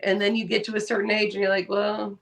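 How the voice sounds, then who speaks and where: A woman co-hosting a podcast, chatting casually and telling lively stories, acting out the people she quotes. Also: medium pitch, racing, gravelly, recorded from a distance. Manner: animated storyteller, acts out quoted voices. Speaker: podcast co-host. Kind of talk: casual chat.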